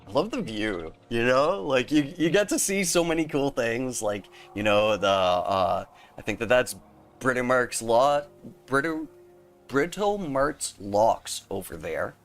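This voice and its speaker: A man's voice: mid-range voice, lively intonation, a little slow, soft background music. A young man live-streaming a game, chatting casually with his viewers and laughing often. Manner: chatty, rambling, laughs often, talks to chat by name. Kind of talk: casual live-stream chat while playing.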